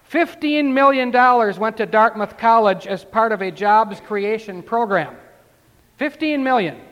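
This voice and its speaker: High-voiced preacher in an echoing hall. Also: male voice, a little slow, fairly bright tone. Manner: conversational preaching that swells into emphatic declarations. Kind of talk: sermon. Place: church.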